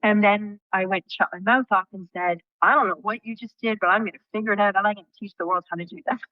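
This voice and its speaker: A woman guest in an interview, telling a personal story in an animated way and acting out what people said, with casual swearing. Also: medium pitch, fast talker, dry recording, highs cut off.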